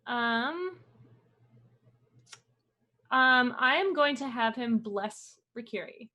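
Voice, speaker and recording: A woman's voice: on the high side, animated, takes it slowly, sharp tone, muffled recording. A woman playing a tabletop game, upbeat and polite. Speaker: player.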